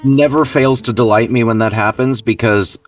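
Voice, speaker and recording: Deadpan sarcastic man, off-mic. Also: mid-range voice, normal speed, far from the mic, soft background music. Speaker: voice actor guest. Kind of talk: casual interview.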